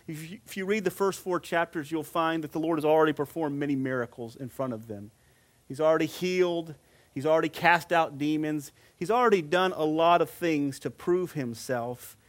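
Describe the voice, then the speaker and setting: A middle-aged man preaching a sermon, repeating phrases for emphasis and slowing down to stress scripture quotes. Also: on the high side.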